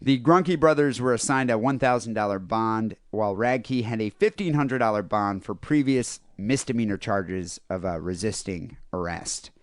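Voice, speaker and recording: A man's voice: lowish voice, moderate pace, hardly any pauses, no echo. A man co-hosting a casual comedy podcast, rambling through a news story with lots of fillers and laughter. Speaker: podcast co-host.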